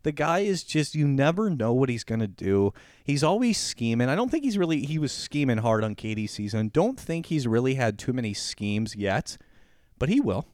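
A man's voice: medium pitch, normal speed, dry recording, clean studio sound. Laughing man in casual chat. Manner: animated, laughs often, acts out quotes. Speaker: podcast co-host.

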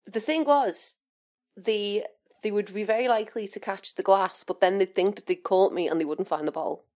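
A woman's voice: mid-range voice, moderate pace, darkish tone. A woman co-hosting a podcast, chatting casually, teasing her co-host and laughing often. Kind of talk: casual chat.

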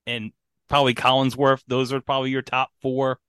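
A man's voice: medium pitch, flat delivery, fairly quick, fairly bright tone, clean tone, dry recording. A man co-hosting a podcast in casual chat, joking and quizzing his co-host.

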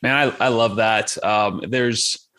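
Halting male podcast host. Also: fairly low pitch, fairly even intonation, bright, forceful tone. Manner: halting, repeats words as he gathers thoughts. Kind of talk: casual podcast interview.

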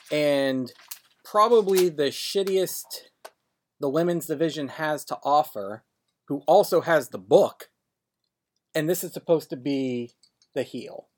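A podcast co-host whose pitch swings widely, talking loosely and sarcastically. The delivery stumbles and restarts as thoughts come. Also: animated, unhurried. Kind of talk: casual chat recapping wrestling.

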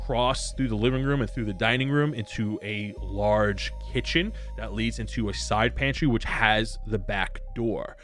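A man's voice: on the low side, fairly bright tone. A man narrating a tabletop role-playing game as game master, playfully voicing the people the players meet. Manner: playful, voices many characters.

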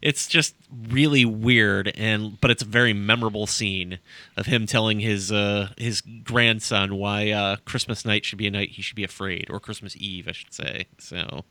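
Low-voiced man chatting haltingly. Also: steady tone, bright, forceful tone, no room sound. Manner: halting, trails off. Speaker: podcast co-host. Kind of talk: casual movie podcast chat.

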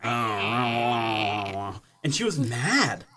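A man's voice: a little high, lively intonation, pushed and bright. A man chatting casually and playfully, telling a story about his cat. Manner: playful, quick backchannels. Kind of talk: casual chat.

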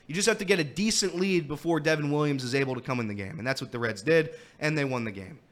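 The guest host of this casual sports talk show is a fast-talking man with a slightly high voice. He laughs often, tells animated stories and complains of a throat problem.

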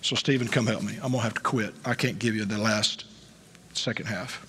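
A male pastor preaching a sermon, with emphatic delivery that swings between quiet asides and loud peaks, recorded in a church. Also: fairly low pitch, fairly even intonation, brisk, slight background noise. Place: church sanctuary. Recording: long church hall reverb.

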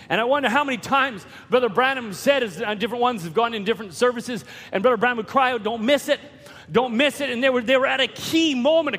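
A man preaching a sermon, telling a story with repeated words and rising to shouts at key points. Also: very high-pitched, husky. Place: church hall. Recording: long reverb of a church hall.

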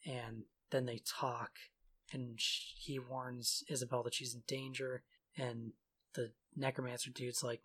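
A man's voice: mid-range voice, little pitch movement, a bit bright, slightly rough. A man casually retelling a video game's story in a sarcastic, offhand way. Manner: sarcastic, offhand retelling with quick mock quotes. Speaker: podcast co-host recapping a game story. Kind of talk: casual chat.

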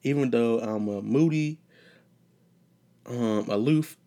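A man's voice: medium pitch, takes it slowly, dark tone. A young man hosting a solo podcast, rambling and joking, profane and casual, wandering off topic. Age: young adult. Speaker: podcast host.

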